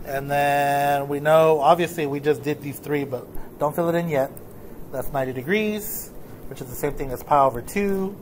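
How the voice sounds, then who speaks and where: A man with a slightly high voice talks through math notes in a loose, casual teaching manner. He keeps checking whether the class is following. A faint hiss sits under his voice. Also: normal speed. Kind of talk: recorded lesson walking through notes.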